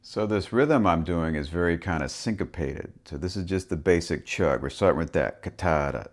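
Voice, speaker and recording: A man's voice: low-pitched, moderate pace, slight background noise. A man teaching a harmonica lesson, talking through the rhythm and sounding out syllables as he explains. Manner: relaxed, thinking aloud, speaks rhythm syllables and soft whispers. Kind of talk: instructional explanation with vocal rhythm demonstrations.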